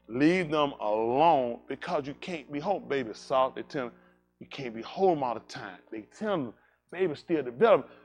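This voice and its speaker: Animated joking male pastor preaching. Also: mid-range voice. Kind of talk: sermon.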